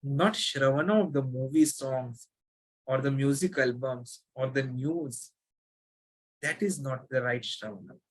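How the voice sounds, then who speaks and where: Earnest devotional teacher chanting Sanskrit verses. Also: mid-range voice. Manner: chants Sanskrit verses then explains them in English; earnest, repeats key words for emphasis. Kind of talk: scripture lesson.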